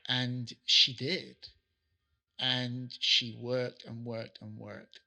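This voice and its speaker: Middle-aged man, soccer trainer guest, gravelly edge, very bright tone, lively anecdotes. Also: mid-range voice, extremely slow. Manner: animated anecdotes, acts out quotes. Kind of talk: casual interview storytelling.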